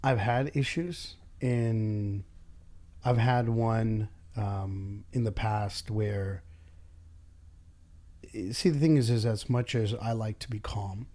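A man's voice: lowish voice, takes it slowly, a little mellow. This is a man who owns a business, chatting in a casual, blunt way. He curses freely and acts out snippets of conversations to make his point. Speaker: business owner and boss. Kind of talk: casual podcast chat.

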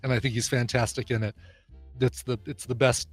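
A man's voice: mid-range voice, flat delivery, brisk, faint music behind. A man co-hosting a podcast in casual chat, enthusiastic and playful. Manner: enthusiastic, playful, full of fillers. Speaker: podcast co-host.

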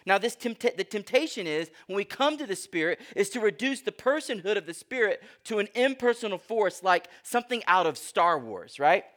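A pastor with a high-pitched voice delivers a teaching sermon to his congregation. He speaks in an engaging, teacherly way, checks in with his listeners, and reads scripture aloud with emphasis. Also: animated, brisk, hardly any pauses, fairly bright tone.

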